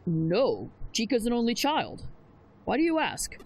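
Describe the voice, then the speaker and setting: A woman's voice: fairly high pitch, huge pitch swings, unhurried, voice pushed down, heavily acted, poor audio. A woman voicing a polite middle-aged father who answers courteously but evasively. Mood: guarded.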